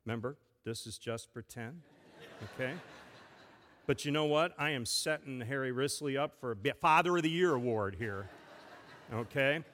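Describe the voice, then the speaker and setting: A man, a pastor giving a playful children's sermon and gently asking a child many questions. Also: mid-range voice, moderate pace. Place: church sanctuary. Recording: long church reverb.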